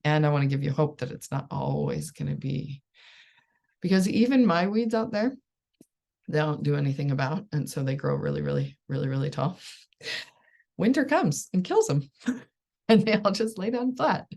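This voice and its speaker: A woman life coach talking casually and reassuringly to parents, often checking in with "right?" and laughing softly. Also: low-pitched, lively intonation, normal speed, gravelly, long pauses. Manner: conversational, reassuring, frequent "right?" and soft laughs. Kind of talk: casual solo coaching talk.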